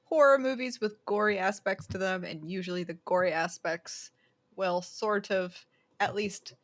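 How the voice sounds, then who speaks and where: A woman's voice: mid-range voice, normal speed. A woman co-hosting a casual podcast, playful and giggly, rambling through her thoughts. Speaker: podcast co-host.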